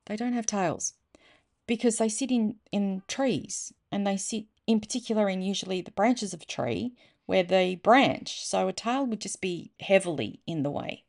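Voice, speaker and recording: A woman's voice: medium pitch, moderate pace, vocal fry, darkish tone. A middle-aged Australian woman telling funny short stories in a chatty, rambling way, stopping to explain local words. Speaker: storyteller. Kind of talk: casual storytelling reading.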